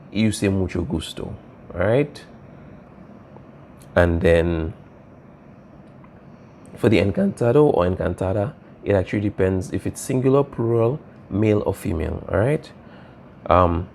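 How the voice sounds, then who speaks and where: A man's voice: fairly low pitch, warm tone, a little hiss or hum. A man teaching a language class, explaining patiently and checking in with "all right?" as he goes. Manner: patient, repeats key points, asks "all right?" often. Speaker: Spanish teacher.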